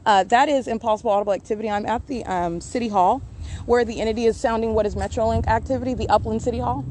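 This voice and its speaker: A woman with a fairly high, darkish-toned voice talks fast as she walks outdoors around a city hall and library, recording on her phone with a little hiss or hum. A podcast host documenting her surroundings, she is insistent and accusatory, repeating phrases with many "uh" and "um" fillers.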